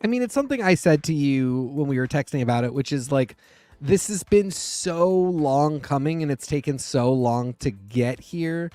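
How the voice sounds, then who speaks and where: A man co-hosting a podcast in casual chat, catty and bluntly opinionated. His voice sits fairly high and the recording is dry and close. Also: expressive, normal speed, dark tone, no echo, soft background music. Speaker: podcast co-host.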